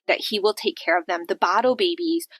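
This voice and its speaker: A woman hosting a devotional podcast, talking earnestly and conversationally about faith, with lively shifts when she quotes others. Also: lowish voice, a little fast, dry recording. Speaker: podcast host.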